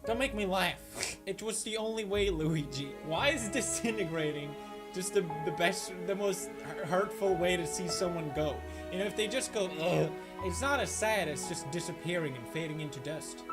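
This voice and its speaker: A man hosting a comedic meme review, talking sarcastically and breaking into mock-outraged yelling. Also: high voice, normal speed, music in the background. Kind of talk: comedic commentary.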